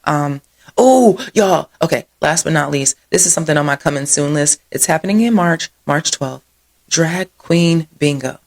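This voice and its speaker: A woman host with a low voice and a gravelly, fry-edged texture. She runs through local happenings in a loose, chatty way. She wanders into side stories, laughs easily and keeps saying "y'all". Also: expressive, normal speed, darkish tone. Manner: rambling, digressive storytelling; says "y'all" often. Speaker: host of a local events show. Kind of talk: casual chatty event rundown.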